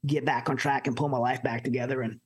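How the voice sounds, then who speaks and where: A middle-aged man from the United States telling his personal story as an interview guest, earnest and halting with many restarts. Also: mid-range voice, flat delivery, husky. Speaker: podcast guest.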